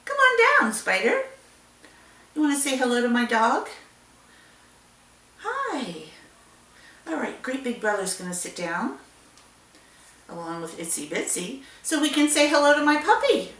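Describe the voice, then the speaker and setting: A woman children's librarian leads storytime with a bright, sing-song voice that swoops up and down as she talks to small children. She speaks slowly and clearly. She is recorded a little off-mic in a roomy, echoey space. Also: a little high, recorded from a distance. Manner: animated, sing-song, talking to young children. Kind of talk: storytime with songs and reading aloud. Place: library room. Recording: echoey room, voice a bit off-mic.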